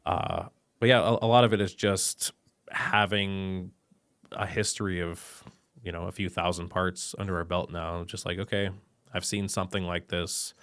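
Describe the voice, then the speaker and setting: A man, a machine shop co-owner and podcast guest, talking in an animated, exasperated rant during a casual conversation. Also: low voice, moderate pace, no echo, studio quality.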